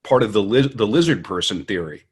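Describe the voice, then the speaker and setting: Husky low-voiced man, dry sarcasm. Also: animated, fairly quick. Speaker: podcast host. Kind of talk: casual comedic chat.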